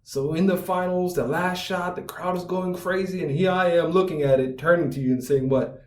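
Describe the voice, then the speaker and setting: A man's voice: high voice, normal speed. A man giving an explanatory video lecture on writing, posing rhetorical questions and answering them, acting out everyday scenes. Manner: acts out everyday scenes in quoted voices. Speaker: writing instructor. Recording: echoey room, voice from a distance.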